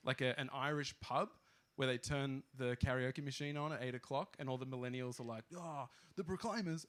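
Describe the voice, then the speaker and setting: Rambling young Australian man doing stand-up. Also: medium pitch. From Queensland, Australia. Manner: rambling, self-deprecating, halting with fillers. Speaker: stand-up comedian. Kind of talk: live stand-up storytelling.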